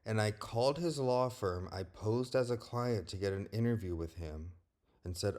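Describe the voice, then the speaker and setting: A young man with a deep, low-pitched voice talks straight to the camera in a personal vlog. He is blunt and candid, and he swears freely. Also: moderate pace, darkish tone. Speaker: vlogger. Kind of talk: personal monologue.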